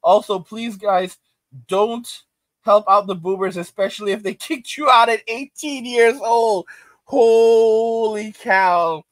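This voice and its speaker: High-voiced ranting man reading chat. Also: measured pace, dry recording. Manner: animated, ranting, repeats lines for emphasis, laughs often. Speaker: commentary host reading chat comments. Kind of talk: casual reaction commentary.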